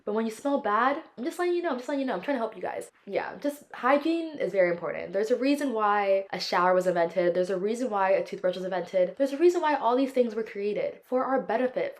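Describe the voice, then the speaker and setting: A woman hosting her own solo podcast, chatting casually in a sassy, opinionated, dramatic way, sometimes stretching words in a sing-song. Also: mid-range voice. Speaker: podcast host.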